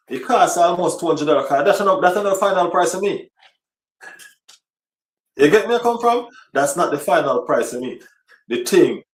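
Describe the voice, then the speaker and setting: A man chatting casually on a football livestream, rambling and repeating himself. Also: a little high. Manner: rambling, repeats himself, frequent "you know what I mean". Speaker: football vlogger. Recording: roomy, slightly distant mic.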